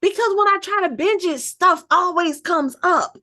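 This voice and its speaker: A woman co-hosting a podcast, casually recapping an episode with animated, chatty storytelling. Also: very high-pitched, normal speed. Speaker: podcast co-host.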